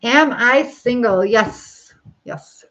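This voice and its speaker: A woman's voice: on the high side, very slow, fairly bright tone. Chatty middle-aged woman on a live stream. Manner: chatty, rambling, frequent laughs. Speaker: livestream host reading viewer comments. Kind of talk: casual live chat while styling her hair. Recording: slightly dull lo-fi sound.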